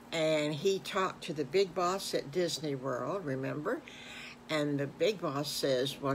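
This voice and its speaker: Slow-telling older woman storyteller. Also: sits low, slight background noise. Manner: homespun, meandering and animated at emotional moments. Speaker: grandmother storyteller. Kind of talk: improvised bedtime storytelling.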